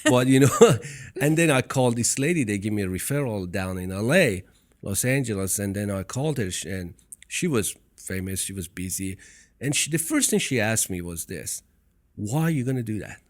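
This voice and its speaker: A man's voice: on the low side, expressive, moderate pace. Man with a foreign accent, podcast host, earnest, repeats himself, casual storytelling. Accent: foreign accent in English. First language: not English. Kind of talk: casual interview chat.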